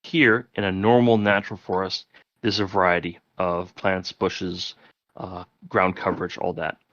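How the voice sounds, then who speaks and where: A man's voice: low-pitched, little pitch movement, measured pace, fairly bright tone, no room sound. A man narrating as game master in a loose, rambling way with many fillers. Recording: dry, dull lo-fi audio.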